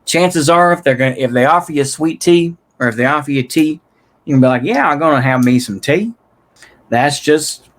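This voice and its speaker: Rambling young man, fairly high voice. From Texas. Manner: loose and rambling, full of "you know" and "right?" tags. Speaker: political commentary vlogger. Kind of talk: casual rambling monologue.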